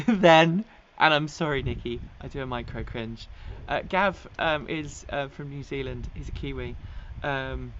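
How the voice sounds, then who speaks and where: An Englishwoman with a bass voice hosts a casual electric vehicle news live stream, speaking unhurriedly as she chats and reacts to viewer comments. She uses lots of ums, laughs often, and her English accent occasionally slips toward American. The recording is muffled, with a little hiss or hum.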